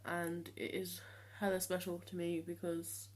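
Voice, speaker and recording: With a steady tone, this seventeen-year-old vlogger speaks casually on camera using a voice he has consciously trained to sit lower. His delivery is hesitant, with many ums and false starts.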